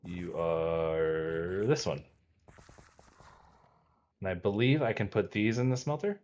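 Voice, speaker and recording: Low-voiced man narrating his gameplay. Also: takes it slowly, dull audio. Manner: relaxed, talks himself through tasks aloud. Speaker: gameplay video host. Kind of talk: casual let's-play commentary.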